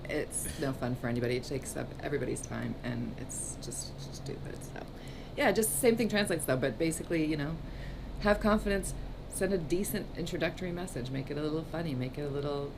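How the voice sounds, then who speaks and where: A woman's voice: low-pitched, brisk, creaky, noisy background. A woman co-hosting a dating advice chat, giving frank, matter-of-fact advice. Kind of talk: casual chat.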